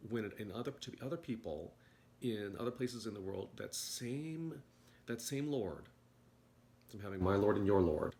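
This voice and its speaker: A man giving a rambling morning monologue to a video audience, halting and repeating words as he goes. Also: lowish voice, lively intonation, dark tone, echoey room. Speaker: video commentator.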